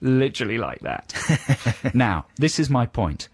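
A man in his thirties co-hosting a radio show in casual banter, playful and quick to mimic voices. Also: medium pitch, very animated, vocal fry, husky, no room sound, studio quality. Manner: playful, puts on silly voices mid-story. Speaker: radio co-host. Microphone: studio microphone.

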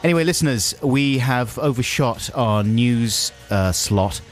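A man's voice: medium pitch, lively intonation, unhurried. A man co-hosting a radio show, bantering casually and laughing often. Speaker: radio co-host.

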